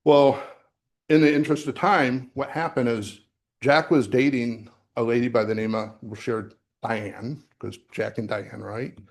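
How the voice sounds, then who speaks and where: A man's voice: mid-range voice, steady tone, unhurried. A middle-aged man giving a sermon as associate minister, talking in a conversational way with fillers and restarts, recorded in a church sanctuary. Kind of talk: sermon with personal story.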